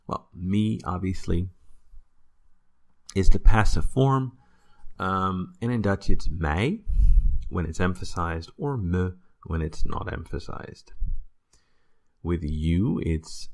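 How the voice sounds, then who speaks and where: Low gravelly man teaching a video lesson. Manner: relaxed explaining, with fillers and corrections. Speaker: Dutch language teacher.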